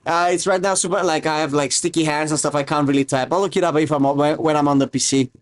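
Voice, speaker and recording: A man's voice: a little high, steady tone, fast talker. Chatty young Romanian man streaming. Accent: mixed, mostly learned online. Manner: rambling, chatty, reads and answers chat. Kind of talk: casual livestream chat while cooking.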